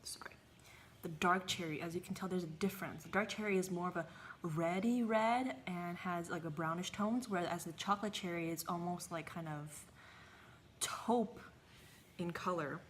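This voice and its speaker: Woman, lower voice, casual gardening vlog, chatty, hesitant, eats while talking, faint background noise. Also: fairly quick, fairly bright tone. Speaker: gardening vlogger.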